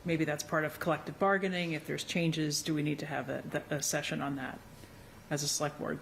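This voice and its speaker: A man at a town board meeting argues firmly for a position the board took earlier. His voice sits fairly high and has a gravelly edge, with faint noise behind it. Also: little pitch movement, fairly quick, a bit bright. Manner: firm, argumentative. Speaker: board member. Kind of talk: meeting discussion.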